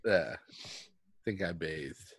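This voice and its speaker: A man's voice: extremely low pitch, very slow, husky, no echo. A man in casual chat, mostly giving short, laid-back replies.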